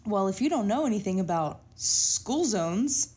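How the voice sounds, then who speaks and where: Lively young woman. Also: medium pitch, measured pace. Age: 20s. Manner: animated storyteller. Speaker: podcast co-host. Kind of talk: casual chat.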